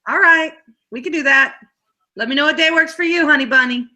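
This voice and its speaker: A woman's voice: sits high, a little fast, pushed and bright, highs cut off. A woman co-hosting a casual live chat show, playful and teasing, laughing often. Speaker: co-host.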